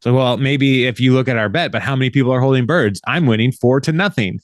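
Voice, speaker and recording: A man's voice: medium pitch, quick pace, no echo, studio quality. A man hosting a podcast, casually recapping an episode with a rambling manner, laughing often and acting out the characters' lines. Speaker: podcast host.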